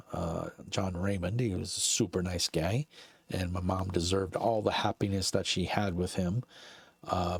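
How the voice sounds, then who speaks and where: A man's voice: low voice, vocal fry, breathy edge, dry recording, studio quality. A middle-aged man with a Brooklyn accent, chatting casually and rambling on a live stream from his basement. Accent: Brooklyn New York. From Brooklyn, New York. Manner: rambling and chatty, lots of uh fillers and laughs. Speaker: streamer and channel host.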